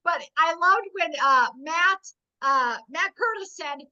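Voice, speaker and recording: Woman host, very high and bright, lively storyteller, dull video-call sound. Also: slow pace. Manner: laughing, retells a story with acted quotes. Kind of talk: casual chat on a video call.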